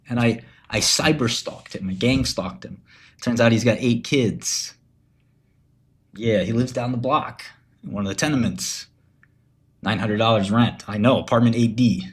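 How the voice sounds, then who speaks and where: A man's voice: medium pitch, measured pace. A man with a mid-range voice chats casually on a livestream. He rambles, curses freely, and leans into mock-menacing storytelling. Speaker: streamer.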